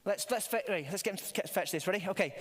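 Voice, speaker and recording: A man's voice: high voice, racing, fairly bright tone, a little hiss or hum. An older man from Britain giving a playful all-age church talk, quizzing the children with many restarts. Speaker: preacher leading a family service. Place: church hall. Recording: long hall reverb.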